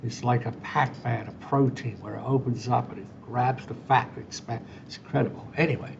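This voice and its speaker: Male podcast host with a gravelly voice, chatty storyteller who acts out dialogue, middle-pitched, dull lo-fi sound. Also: steady tone, fairly quick. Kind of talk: solo podcast monologue. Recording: dull lo-fi sound with faint rumble.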